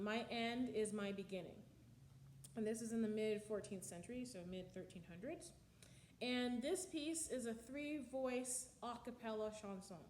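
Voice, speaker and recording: An instructor talking through a music lecture, a woman with a slightly high voice who fills her pauses with ums and sings out rhythms to illustrate them. The room sounds echoey, with a faint hiss behind her. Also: darkish tone. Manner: explanatory, with frequent ums and sung counting of beats. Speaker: music history teacher. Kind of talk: recorded slide lecture.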